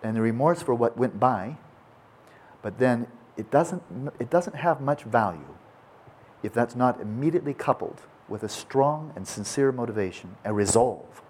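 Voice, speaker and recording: Husky-voiced man giving a dharma talk. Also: medium pitch, moderate pace. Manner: animated, self-mocking, acts out apologies in quotes. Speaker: Buddhist teacher. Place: teaching hall with a live audience.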